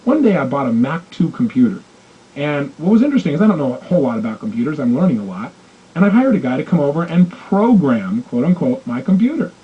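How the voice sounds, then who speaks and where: A man with a high, swooping voice races through a self-help talk and acts out each exchange. His tone is husky and mellow, and the tape sounds dull and lo-fi. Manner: animated storytelling, acting out quoted dialogue. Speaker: motivational coach.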